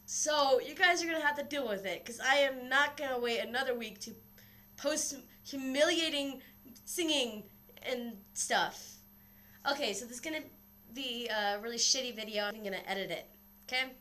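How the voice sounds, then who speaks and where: A woman's voice: high-pitched, moderate pace. A young woman vlogging casually on her webcam, a little out of breath, rambling and swearing freely as she tells a story. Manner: rambling, animated, swears a lot. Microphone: built-in webcam mic.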